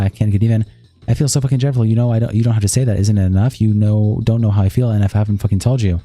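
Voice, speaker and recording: A man streaming, reading a long text-message exchange aloud in a rapid, flat read-through. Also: lowish voice.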